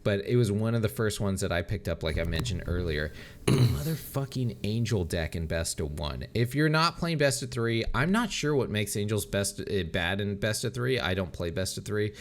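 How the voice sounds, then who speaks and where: A man co-hosting a podcast in casual chat, excitable, swearing a lot and laughing often. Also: lowish voice, moderate pace, slight background noise. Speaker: podcast co-host.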